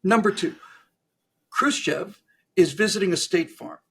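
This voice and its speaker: This guest, a narrator and historian, tells animated jokes in conversation with a host, playing each character and frequently starting over. He speaks a little slowly in a high, animated voice that is gravelly, husky and a bit bright.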